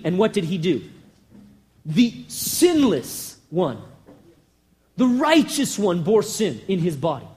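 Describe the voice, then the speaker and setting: A man preaching with a strikingly high voice and a lively, swooping pitch. He drives his points home with rhetorical questions and passion. He swings from loud, urgent bursts down to hushed, intimate lines. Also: slow pace, long pauses. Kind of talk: sermon.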